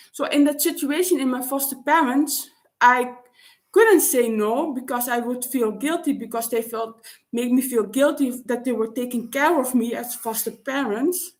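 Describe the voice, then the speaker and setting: Speaking in a personal, reflective monologue, a vlogger whose native language is Dutch keeps stopping and restarting as she gropes for words. Her voice sits slightly high.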